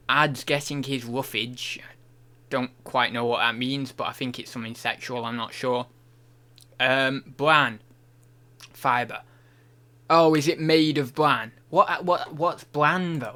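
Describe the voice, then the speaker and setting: A man's voice: mid-range voice, pushed and bright. A young man live streaming, reading chat aloud, joking about himself and humming to himself as he goes. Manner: chatty, self-mocking, reads chat aloud and hums to himself.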